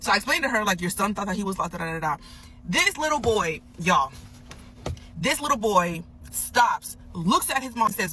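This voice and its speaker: A woman talking in a parked car, telling a story in an animated, incredulous way and swearing freely. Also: medium pitch, moderate pace, rough recording. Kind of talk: casual storytime vlog.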